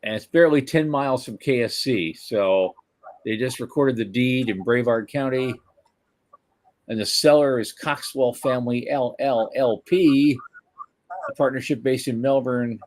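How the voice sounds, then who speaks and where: An older man co-hosting a podcast, chatting casually in a joking, lively way. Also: medium pitch, measured pace. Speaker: podcast co-host. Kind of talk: casual chat.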